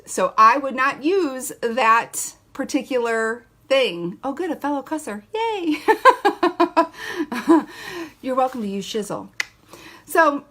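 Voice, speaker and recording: A chatty woman running a live team training, her voice bright and forceful and pitched a bit high. She talks in a playful, loose way and often breaks into laughter. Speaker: direct-sales team trainer.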